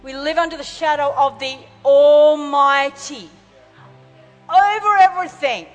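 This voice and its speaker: High-voiced woman preaching in a reverberant hall. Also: unhurried, soft background music. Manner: fervent, calls out to congregation. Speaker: pastor. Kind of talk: sermon.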